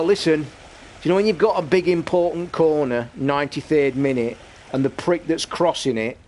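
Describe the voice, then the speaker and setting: Sweary excitable man. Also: fairly high pitch. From England. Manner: excitable and sweary, shouting at football. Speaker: gaming streamer. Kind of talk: live stream commentary while gaming and watching football.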